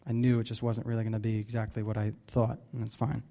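A man's voice: fairly low pitch, monotone, fast, creaky, dark tone. A man leading a Bible study, preaching casually with many fillers and restarts. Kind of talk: casual sermon.

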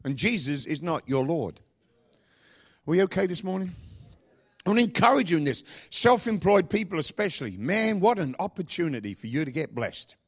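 A man pastor preaching a sermon, asking the congregation repeated questions and speaking with lively emphasis. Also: on the high side, moderate pace, slightly rough.

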